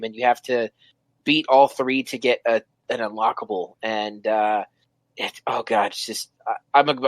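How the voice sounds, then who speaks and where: A man hosting a podcast, chatting casually, excitable and swearing as he laughs along. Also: mid-range voice, no echo.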